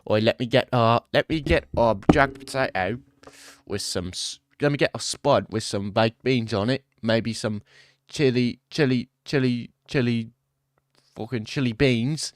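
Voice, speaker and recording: A man's voice: mid-range voice, unhurried, no echo, natural voice. A man putting on a mock British accent as a rowdy lad who barks "oi" while ordering food.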